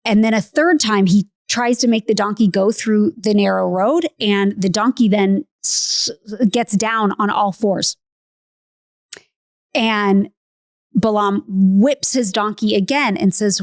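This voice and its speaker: A woman's voice: mid-range voice, unhurried, no room sound, studio quality. A woman hosting a podcast, telling a story in a casual, earnest way. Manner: earnest, retells with acted quotes. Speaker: podcast host.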